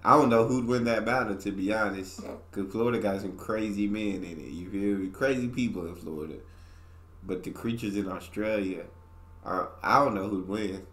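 A young man with a fairly low voice reacts casually, tossing out slang and loud exclamations. He sounds like he is in a roomy space with a noticeable echo. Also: moderate pace. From United States. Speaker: reaction video host.

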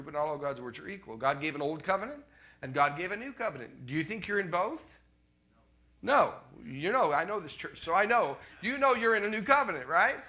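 A man's voice: high voice, pushed and bright. A Canadian man preaching a sermon in a conversational way, repeating his refrains and often checking in with the congregation.

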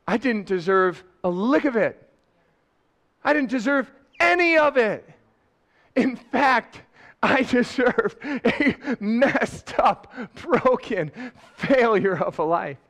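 A middle-aged man preaching a sermon, lively and laughing, rising loud and dropping soft. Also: sits high, unhurried. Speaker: pastor. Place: church sanctuary.

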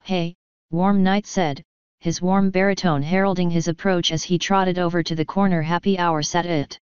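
A woman giving a steady, even fanfiction reading in a dull lo-fi recording. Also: lowish voice, normal speed, smooth, no room sound. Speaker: story reader.

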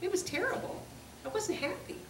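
High-voiced woman preaching in an echoey room. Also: animated, a little fast. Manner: earnest and confessional, repeats phrases for emphasis. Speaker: speaker giving a testimony. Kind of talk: personal testimony sermon. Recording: echoey room, distant mic, faint hiss.

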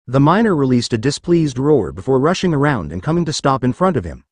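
A man reading a fan fiction story aloud as narrator, animated storytelling. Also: mid-range voice, a little fast, no room sound.

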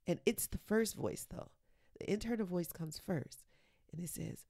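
A woman hosting a motivational podcast, talking earnestly and encouragingly, sometimes dropping to a soft whisper for emphasis. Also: lowish voice, a little slow, vocal fry, no echo, studio quality. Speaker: podcast host and coach.

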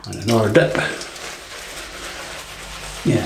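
A man hosting a casual shaving video, chatting in a relaxed way and often saying "right". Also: lowish voice, moderate pace. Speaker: shaving vlogger. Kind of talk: casual shave demonstration. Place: home bathroom. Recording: echoey bathroom with faint water noise.

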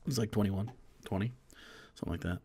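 A man in his thirties streams live, casually commenting on a video and rambling in disbelief, full of fillers and false starts. His low-leaning voice is fast and mellow, with a breathy edge.

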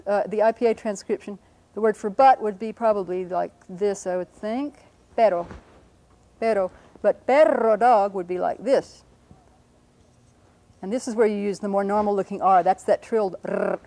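Woman, mellow warm tone, patient classroom lesson, slows down to sound out words, corrects herself. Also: mid-range voice, low-quality recording. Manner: self-correcting, apologizes for slips. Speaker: linguistics lecturer. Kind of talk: explanatory classroom lesson at a whiteboard.

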